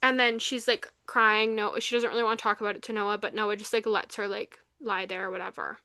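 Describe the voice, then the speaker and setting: A young woman co-hosting a podcast, recapping a novel in casual chat, animated and full of fillers, acting out the lines she quotes. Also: medium pitch, brisk, no echo. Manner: animated retelling, acts out quotes, many fillers. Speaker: podcast co-host. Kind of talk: casual book review chat.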